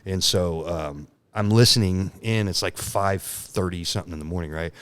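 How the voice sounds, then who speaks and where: A man's voice: deep voice, normal speed, fairly bright tone, clean tone, dry recording. A man in his thirties, a podcast guest, telling a candid personal story in casual talk, laughing often and acting out the lines he quotes.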